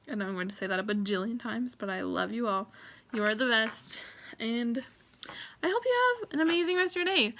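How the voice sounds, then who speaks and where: A young woman talks straight to her viewers in a personal vlog, rambling and close to tears as she thanks them. Her voice sits a little high and sounds bright and tense, and she stays open and heartfelt throughout. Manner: emotional, rambling, grateful, tearful at times. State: teary. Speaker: vlogger.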